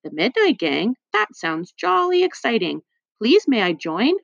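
A woman voicing a cheerful, excitable old lady in an audiobook, bright and chirpy. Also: medium pitch, a little slow, gravelly, no echo, dull audio, exaggerated voice. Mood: delighted.

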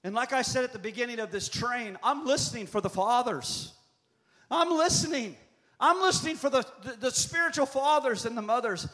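A man's voice: very high-pitched, moderate pace, a bit bright. A man in his fifties preaching a prophetic sermon as a pastor, with impassioned, repetitive cadences. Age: 50s.

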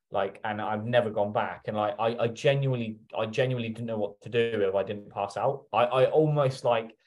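A man telling stories as a podcast guest in casual interview chat, swearing heavily and acting out his own past remarks. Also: on the low side.

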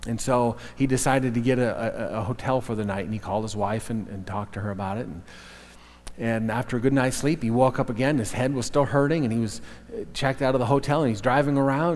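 A man's voice: mid-range voice, a little fast, a little mellow. A man, a pastor preaching a sermon, telling a story earnestly with frequent restarts. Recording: long reverb of a hall.

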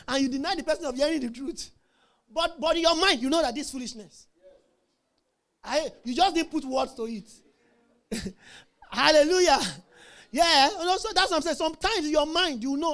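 A man's voice: very high voice, fairly quick, fairly bright tone. A man preaching a sermon, emphatic, asking the congregation questions and laughing often.

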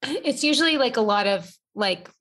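A woman's voice: on the high side, lively intonation, normal speed, fairly bright tone. A young adult woman chatting casually as a guest, rambling with lots of fillers. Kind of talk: casual chat.

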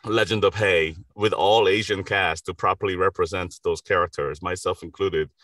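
A man's voice: low voice, steady tone, normal speed, fairly bright tone, no echo, recorded from a distance. A middle-aged man from Korea, a voice actor, talking earnestly and enthusiastically in an interview from a recording studio, often laughing. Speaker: voice actor guest. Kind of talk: casual interview chat.

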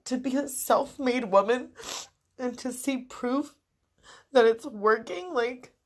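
A woman's voice: fairly high pitch, slow pace. A young woman talking in an emotional personal vlog, tearful and crying as she speaks, swearing freely. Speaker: vlogger.

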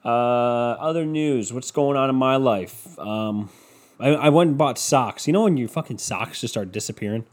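A man's voice: medium pitch, moderate pace. Man, casual podcast host, profane, rambling, mocking imitations. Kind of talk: casual solo monologue.

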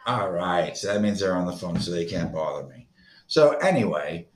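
Deep-voiced guy ranting on his podcast, swears a lot, echoey room. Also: animated, moderate pace. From Florida. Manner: profane, rambling, agitated. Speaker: podcast host. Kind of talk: casual solo podcast rant.

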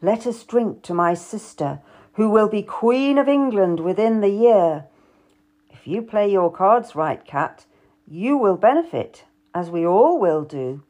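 A woman's voice: mid-range voice, lively intonation, a little slow, dark tone. A woman voicing an arrogant, charming young male nobleman who coaxes and gives orders. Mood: coaxing. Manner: coaxing, commanding.

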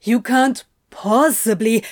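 A woman's voice: a little high, takes it slowly, no room sound. A woman voicing a blunt, swearing male demon in a fan fiction reading, in a voice close to her own. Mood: insistent, exasperated. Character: swearing, exasperated male demon, devoted lover.

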